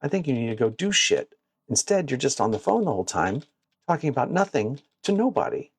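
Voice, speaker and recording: A man giving casual gameplay commentary that turns into blunt, profane, animated stories, recorded on a clip-on mic at home. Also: medium pitch, fairly quick, slightly rough. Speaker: gaming streamer. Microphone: wireless clip-on mic.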